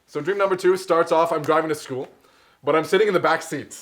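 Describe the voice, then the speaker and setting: A man's voice: on the high side, fairly quick, music in the background. A man telling a comic dream story at a live poetry night, rambling with lots of fillers and laughing as he goes. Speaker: open mic storyteller.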